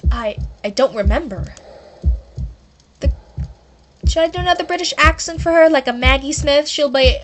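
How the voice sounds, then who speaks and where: A woman reading a story game aloud for her viewers. Her voice is high, and she breaks off now and then for chatty, joking asides. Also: a little fast, a bit bright, soft background music. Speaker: game player and narrator.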